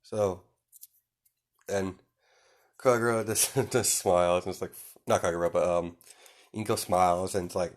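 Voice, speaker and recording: A young man with a fairly low voice makes up a fan story as he goes. He wanders through it with constant fillers and little chuckles. The delivery is loose and unscripted. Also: fairly even intonation, unhurried, long pauses. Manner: rambling, full of "you know" and "um", chuckling. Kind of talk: improvised fan fiction narration.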